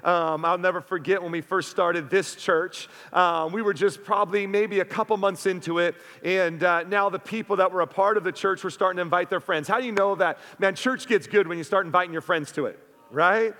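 Pastor guy preaching, pretty high voice, keeps saying man and right, long echo in the church. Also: steady tone, brisk, pushed and bright. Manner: fervent, with frequent "man" fillers and "right?". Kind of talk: sermon. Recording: long hall reverb.

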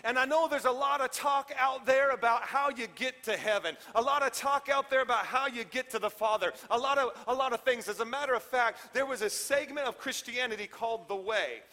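A man preaching a sermon as pastor in a conversational way, swinging between loud emphatic lines and hushed ones. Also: very high-pitched, brisk, hardly any pauses. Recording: long hall reverb.

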